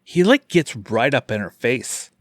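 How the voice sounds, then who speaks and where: A man's voice: mid-range voice, very animated, measured pace, fairly bright tone, no echo, clean studio sound. A man hosting a casual film podcast, laid-back and wry, quoting lines from the movie. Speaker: podcast host. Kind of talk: casual film review chat.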